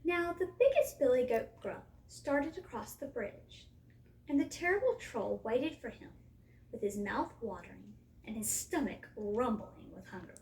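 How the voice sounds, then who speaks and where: Woman storyteller reading a kids' tale, lively, high voice, echoey room. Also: unhurried, distant mic. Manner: lively, expressive. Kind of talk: reading a children's story aloud.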